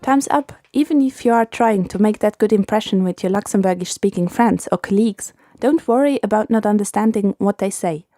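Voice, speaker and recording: Mellow-voiced woman hosting a language lesson. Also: medium pitch, no echo, clean studio sound, faint music behind. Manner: clear, patient, repeats phrases slowly for learners.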